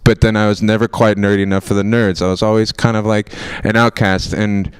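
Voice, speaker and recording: A young man from Florida doing a stand-up set, rambling and self-mocking, now and then bursting into loud mock outrage. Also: on the low side, flat delivery, a little fast, clean tone. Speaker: stand-up comedian. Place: TV studio stage with a live audience.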